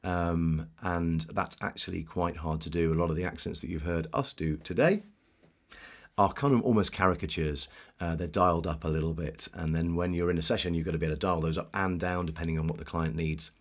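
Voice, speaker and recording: A man's voice: sits low, steady tone, fairly quick. A man who works as a voice actor, chatting casually from his home studio and keen to slip into accents. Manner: chatty and eager to switch into accents. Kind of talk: casual chat about voice acting.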